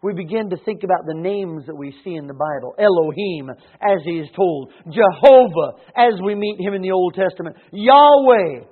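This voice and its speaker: A man preaching a sermon in church, swinging between hushed and emphatic delivery with frequent hesitations. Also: high-pitched, expressive, normal speed, hardly any pauses, husky. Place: church sanctuary. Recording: tinny phone-like sound.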